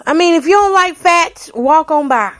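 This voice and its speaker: A woman's voice: very high voice, animated, moderate pace. A woman hosting a podcast, telling a personal story candidly and emotionally and speaking to her listeners directly. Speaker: podcast host.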